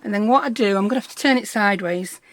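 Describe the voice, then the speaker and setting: A woman's voice: medium pitch, fast talker, dry recording. A middle-aged woman, chatting through a crafting tutorial in a bubbly, self-deprecating way. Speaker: craft vlogger.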